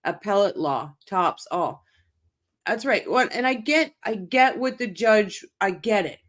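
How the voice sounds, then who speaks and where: A woman's voice: medium pitch, expressive, unhurried. A woman hosting a casual livestream, commenting bluntly and with profanity on a press conference. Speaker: livestream host.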